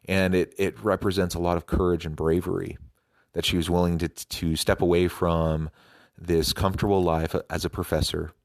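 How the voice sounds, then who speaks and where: A man's voice: sits low, dry recording, studio quality. A man hosting a podcast, reflecting on a talk with frequent restarts. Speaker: podcast host. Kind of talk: podcast commentary.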